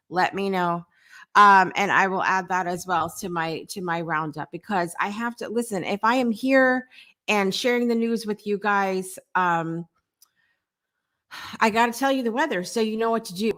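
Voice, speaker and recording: A woman's voice: mid-range voice, bright, forceful tone. A woman hosting a live morning talk show, chatting in an upbeat way and reading out viewer comments.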